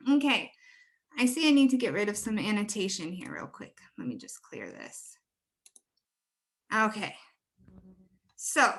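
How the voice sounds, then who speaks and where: A woman with a bright, high-ish voice runs a webinar on pronunciation over a computer mic. She stretches out words slowly and carefully so listeners can copy them. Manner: slow, careful modeling of words. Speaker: teacher trainer. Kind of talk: webinar teaching.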